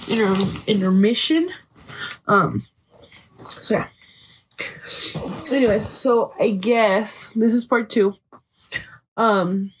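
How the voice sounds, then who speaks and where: In casual chat on the podcast she hosts, a young woman tells a story, swearing freely and now and then switching to Spanish. Her voice is on the high side, and the rough recording carries a little hiss or hum.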